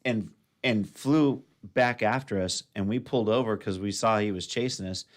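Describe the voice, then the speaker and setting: A man's voice: lowish voice, moderate pace. A man, a radio show host, telling a rambling motorbike story in casual chat.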